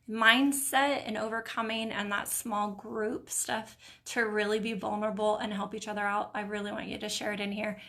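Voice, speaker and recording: Middle-aged woman, slightly higher voice, hosting a live stream, reading comments with warm, emotional encouragement. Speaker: host of a live mindset stream.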